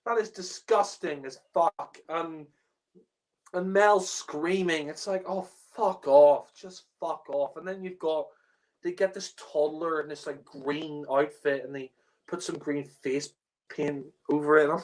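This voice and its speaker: A man's voice: fairly high pitch, fairly even intonation, a little slow. A man giving a casual spoken review rant, exasperated and profane, laughing often and using many fillers.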